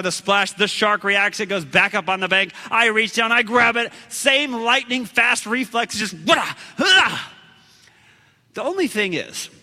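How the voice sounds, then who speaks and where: A man preaching a storytelling sermon, animated and dramatic, with sudden shouts. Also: sits high, long reverb tail.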